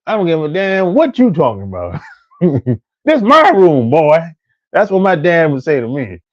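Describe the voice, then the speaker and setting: A man's voice: fairly high pitch, dry recording, muffled recording. A man ranting casually, profane and repetitive, often laughing at his own stories. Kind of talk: casual rant.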